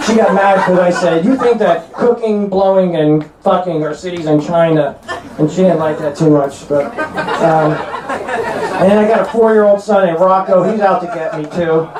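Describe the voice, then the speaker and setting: A North Jersey guy does crude stand-up on a club stage, his voice sitting high with fairly even intonation. He fires off brash punchlines and quick asides while loud audience laughter surrounds him in the roomy room.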